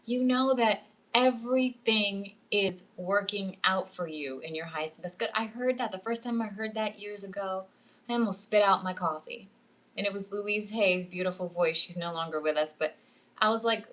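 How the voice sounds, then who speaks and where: A middle-aged woman, a spiritual coach, talks casually on a livestream from home at a jungle retreat. Her mid-range voice has a fairly bright tone, and she's chatty, says "like" often and acts out the voices she quotes.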